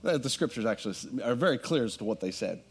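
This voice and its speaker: A man preaching a sermon, telling a scripture story in a lively way, with humorous asides and frequent restarts. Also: medium pitch, quick pace, husky. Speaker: pastor.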